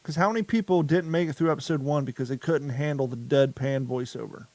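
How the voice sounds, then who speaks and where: A man's voice: medium pitch, quick pace, a little mellow, dry recording. A man hosting a casual podcast, rambling loosely and swearing freely as he chats. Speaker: podcast host.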